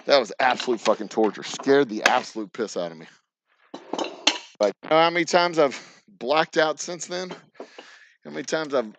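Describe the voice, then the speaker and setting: A man's voice: medium pitch, lo-fi sound, a little hiss or hum. A middle-aged man with a Texan accent who rambles through stories in casual live-stream chat while he works in a distillery, swearing freely and laughing often. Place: distillery workroom.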